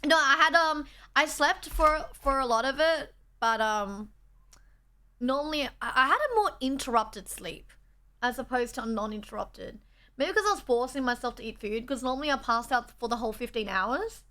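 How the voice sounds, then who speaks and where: Bubbly high-voiced Australian woman streamer. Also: animated, normal speed, bright, forceful tone. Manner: chatty, bubbly, thanks chat often. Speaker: livestreamer. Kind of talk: casual stream chat reading chat. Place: borrowed streaming setup indoors.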